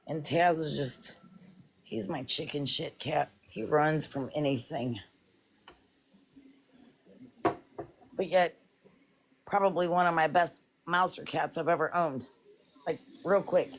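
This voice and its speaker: A woman's voice: low-pitched, slow, creaky, pauses often, slightly rough. A woman, chatting casually on a livestream from her home kitchen and talking in long, rambling stretches. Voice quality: rambling, fond of "it's like".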